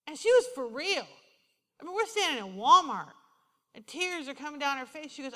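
A woman preaching a sermon, telling stories with passion and moving from loud declarations to hushed, intimate moments. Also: high-pitched, very animated, moderate pace. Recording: hall reverb.

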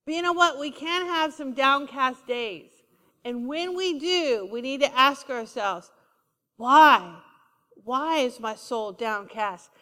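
Woman preacher, high voice, emphatic and repetitive, calls for amens, echoing church hall. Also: measured pace, sharp tone. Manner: emphatic, repeats key lines, asks the congregation for responses. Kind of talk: sermon.

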